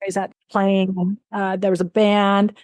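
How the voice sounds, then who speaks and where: Woman podcast host, mid-pitch, rapid animated storytelling, dry close-miked sound. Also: no echo. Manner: animated storyteller who acts out quotes; fast, run-on talk with restarts. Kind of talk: casual interview chat.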